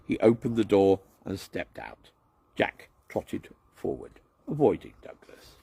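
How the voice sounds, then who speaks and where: Slow, gravelly male storyteller. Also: low-pitched, sing-song, no echo. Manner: gentle, chatty asides. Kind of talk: reading a children's story aloud.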